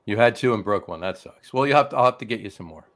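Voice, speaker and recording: A man's voice: lowish voice, expressive, fast talker, fairly bright tone. A man with a New Jersey accent hosting a casual chat show, telling stories with plenty of ums and uhs. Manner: rambling storyteller, lots of ums and uhs. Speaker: host.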